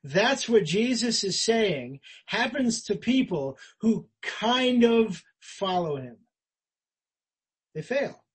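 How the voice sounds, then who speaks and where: A man preaching a sermon as pastor, earnest and conversational, rising for emphasis and dropping quiet. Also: high-pitched, sing-song, slow, husky, low-quality recording. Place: church.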